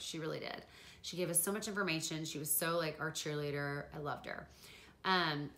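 A young woman vlogger telling a personal story to camera in an animated, chatty way, full of fillers. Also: fairly low pitch, reverberant.

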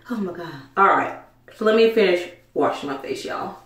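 Female vlogger, casual and excitable, frantic exclaiming delivery, middle pitch, roomy echo. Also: normal speed. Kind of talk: casual vlog chat. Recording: echoey room.

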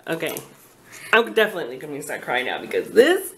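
A woman's voice: low voice, sing-song, fairly quick, bright, forceful tone, a little hiss or hum. A woman vlogger chatting casually at her kitchen table at home, gushing and flustered as she talks. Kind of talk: casual unboxing chat.

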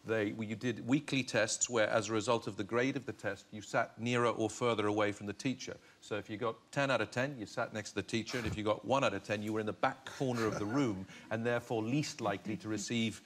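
A man's voice: fairly low pitch, steady tone, fast talker, few pauses, a little hiss or hum. A middle-aged man from Northern Ireland, a guest on a TV chat show, talking in a reflective way with many restarts and easy laughs. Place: television studio.

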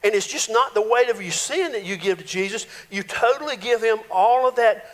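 A male pastor, preaching a folksy, animated sermon full of playful voiced quotes in a church sanctuary. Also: high voice, a little fast. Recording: reverberant church hall.

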